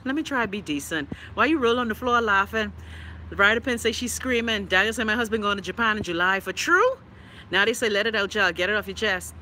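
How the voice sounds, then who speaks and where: Outspoken Bahamian woman with a bright voice. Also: medium pitch, a little hiss or hum. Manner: outspoken, profane, sassy, laughs often. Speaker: livestream host reading viewer comments. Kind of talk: casual live-stream chat.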